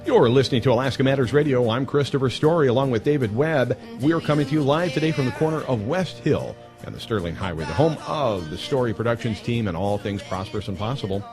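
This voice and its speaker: A man hosting a live talk radio show, telling stories in an emphatic, animated way into a studio mic. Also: mid-range voice, quick pace, hardly any pauses, faint music behind.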